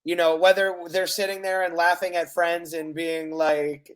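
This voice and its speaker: Podcast co-host, mid-pitched voice, rambling and stumbling. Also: flat delivery, normal speed, clean tone. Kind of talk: casual chat.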